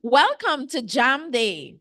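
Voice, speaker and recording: A woman's voice: high voice, sing-song, slow, sharp tone, no room sound, studio quality. A woman hosting a live call-in show, chatty and teasing the callers as she takes their questions. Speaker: show host.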